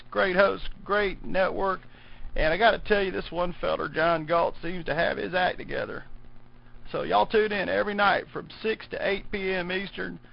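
A man's voice: high voice, highs cut off, heavily acted. A man putting on a folksy older ex-president with a Southern drawl, in a chummy, promotional way. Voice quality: gravelly drawl. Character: folksy older male ex-president impression, joking.

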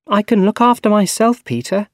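Man voicing a gentle older aunt. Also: high-pitched, lively intonation, moderate pace, dry recording, studio quality, pitched above the performer's own voice.

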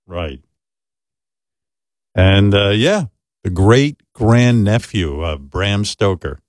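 Lively, low-voiced male talk show host. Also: very slow, dry recording, clean studio sound. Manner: joking, crude, deadpan asides. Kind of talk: radio talk show banter.

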